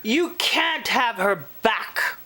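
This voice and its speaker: A woman voicing a big, sly, stubborn fish in a picture-book story, slow and smug. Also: on the high side, expressive, pushed and bright, heavily acted.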